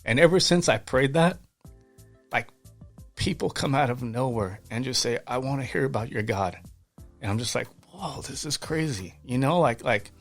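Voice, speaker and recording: Faint music plays behind a medium-pitched man talking at a moderate pace. He's a podcast guest telling faith stories casually but with earnest fervor, full of restarts and repeated words.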